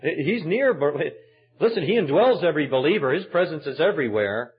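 A man's voice: on the high side, lively intonation, brisk. A man preaching a sermon as pastor, telling the story with emphatic, dramatic delivery. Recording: dull lo-fi sermon recording.

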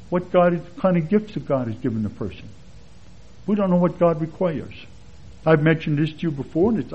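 A man with a slightly raised, husky voice teaches a sermon in an easy, chatty way, moving through verses and personal stories. The recording is dull and lo-fi, as on an old sermon tape. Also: on the high side. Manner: relaxed, chatty, with anecdotes and chuckles. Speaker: Bible teacher. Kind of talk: conversational expository sermon.

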